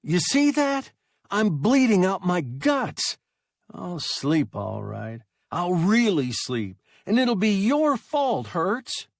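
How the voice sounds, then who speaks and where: A man voicing an injured young male pilot, bitter and hysterical, in a thin, high, whining voice with shrill outbursts. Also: wildly swooping pitch, slow, dry recording, studio quality, heavily acted.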